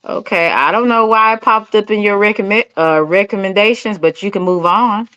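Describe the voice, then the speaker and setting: On a muffled recording with no room sound, a middle-aged woman from Dallas, Texas chats with her livestream viewers at a normal pace. Her medium-pitched voice is fairly bright, clear and resonant, and her Texan manner is sassy and chatty as she reads comments, calling everyone honey and baby.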